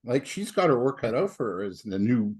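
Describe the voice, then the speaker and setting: A man's voice: mid-range voice, big pitch swings, brisk, a little mellow, breathy edge. Chatty man telling a story. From Canada. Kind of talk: conversational interview.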